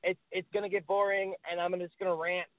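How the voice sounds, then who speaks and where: A man co-hosting a sports podcast in casual chat, talking in an excitable, exasperated way and swearing often. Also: high-pitched, fast talker. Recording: tinny phone-like dry sound.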